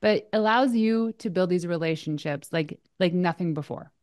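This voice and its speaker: Lower-voiced Canadian woman, dry sound. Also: moderate pace, a little mellow, no room sound. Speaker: PR expert, podcast guest. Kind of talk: casual interview chat.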